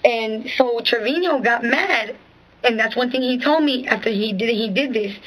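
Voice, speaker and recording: A woman's voice: on the high side, moderate pace, fairly bright tone, low-quality recording. A woman being questioned as a witness, giving a rambling, profane spoken account full of restarts and filler phrases. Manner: rambling, profane, full of restarts and "you know what I'm saying".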